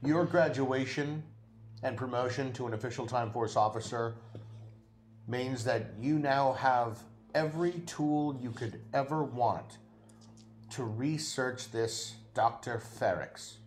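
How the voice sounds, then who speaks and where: A man playing a tabletop game in character, speaking in a measured, deliberate way. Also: mid-range voice. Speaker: player. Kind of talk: in-character role-play.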